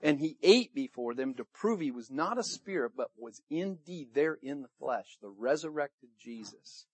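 Male pastor in the pulpit, higher-pitched, animated storyteller who acts out his quotes, dry close sound. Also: moderate pace, husky, dry recording. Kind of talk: sermon. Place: church service room.

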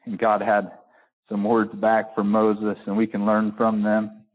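Man preaching over a tinny line. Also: completely flat delivery. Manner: builds to high emphatic peaks, slows to stress words; folksy with repeated restarts. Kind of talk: sermon with scripture reading. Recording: narrow phone-like sound.

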